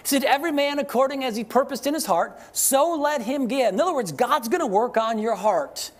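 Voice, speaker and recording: A man pastor preaching a sermon to a congregation, asking rhetorical questions, leading call-and-response, and slowing down to read scripture with emphasis. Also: very high voice, expressive. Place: church service with congregation.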